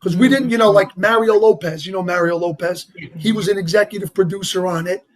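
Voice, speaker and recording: Guest, male, heavy New York accent, raised husky voice, animated and rambling, casual interview. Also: sits high, brisk. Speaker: actor guest.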